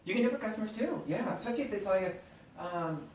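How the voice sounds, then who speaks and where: A middle-aged man giving an animated, chatty motivational talk to a live audience, acting out bits of dialogue. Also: sits high, very fast, a little hiss or hum. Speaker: motivational speaker. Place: event hall with audience. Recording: echoey room, voice from a distance.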